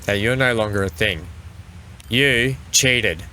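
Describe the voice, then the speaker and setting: A man narrates his game session in a casual, chatty way, scolding and cheering the vehicles on screen. His voice sits low but has a bright, forceful edge. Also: takes it slowly, slight background noise. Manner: chatty, talks to the game's vehicles. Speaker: gaming channel host. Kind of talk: let's play commentary.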